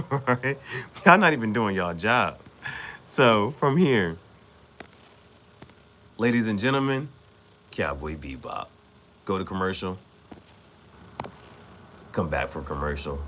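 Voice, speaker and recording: Lively, bright-voiced man recapping casually. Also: fairly low pitch, slow, long pauses, a little hiss or hum. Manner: rambling, repeats himself, quotes characters in casual slang. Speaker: anime reaction host.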